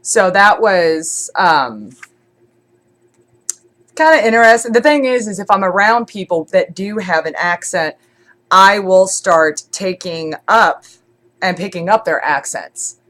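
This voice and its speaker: A woman's voice: mid-range voice, lively intonation, takes it slowly, a bit bright. A congested woman streamer chatting casually, rambling with many fillers and restarts. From born in Scotland, raised in Germany. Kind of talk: casual chat.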